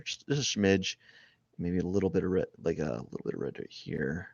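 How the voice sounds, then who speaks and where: Low gravelly man thinking aloud while drawing. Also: expressive, a little fast, no room sound, muffled recording. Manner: rambling, thinking aloud, many restarts, often trailing off quietly. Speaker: artist streaming live. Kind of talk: casual live-stream narration while drawing.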